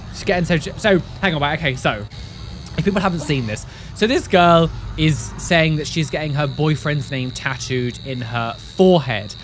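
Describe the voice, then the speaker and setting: A woman's voice: sits low, moderate pace, faint music behind. A young woman hosting a reaction video, with casual, sarcastic commentary full of exclamations. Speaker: tattoo reaction video host.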